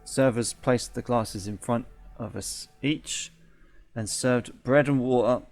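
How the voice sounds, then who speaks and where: A man's voice: medium pitch, steady tone, slow, a little mellow, faint music behind. A man hosting a let's play, reading the game's text aloud and chatting, correcting himself and laughing often.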